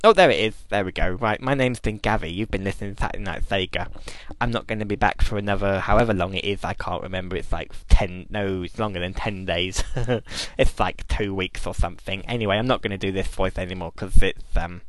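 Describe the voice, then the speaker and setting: A man's voice: low voice, fairly quick, few pauses, a bit bright, no room sound. A British man hosting a live internet radio show, rambling on in a silly exaggerated put-on voice. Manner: rambling, babbling banter.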